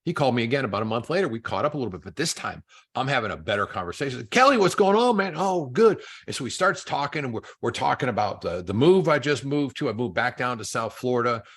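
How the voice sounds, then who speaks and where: A man's voice: mid-range voice, animated, fast, fairly bright tone, husky. A man coaching a group, telling stories and acting out both sides of phone calls. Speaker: real estate coach.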